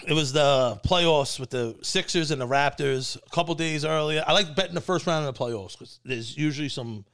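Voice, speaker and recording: Gravelly animated storyteller man. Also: moderate pace. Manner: animated storyteller, acts out quotes in a high voice. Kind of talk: casual storytelling.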